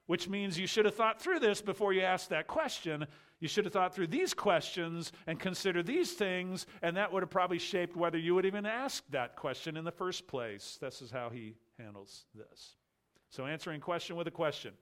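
A male preacher delivers an expository sermon in a somewhat high voice. He is emphatic and rhetorical, rising to loud, pressing questions and dropping to quiet asides. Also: lively intonation, normal speed.

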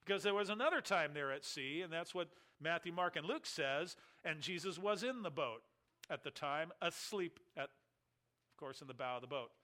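A man preaching a sermon, telling a story with rising and falling emphasis and reading scripture slowly. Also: fairly high pitch. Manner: expressive preaching, rises loud and drops quiet for emphasis; reads scripture aloud slowly and deliberately. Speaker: pastor.

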